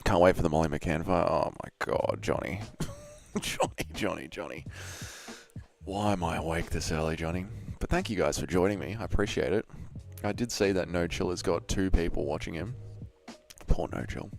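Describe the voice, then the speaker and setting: A young Australian man hosts a live watch-along, talking casually to his viewers, swearing and laughing between remarks. His voice sits low and has a gravelly fry. He sounds worn out from an early start. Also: a little fast, a little mellow. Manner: loose and swearing, chatting with viewers and laughing often. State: tired from an early wake-up. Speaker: streamer hosting a live fight watch-along. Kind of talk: casual live-stream chat.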